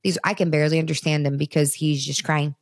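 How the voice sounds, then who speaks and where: A woman's voice: low-pitched, steady tone, fast talker, no room sound, studio quality. A woman in her thirties hosting a parenting talk show, speaking earnestly and conversationally straight to her listeners. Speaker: podcast host.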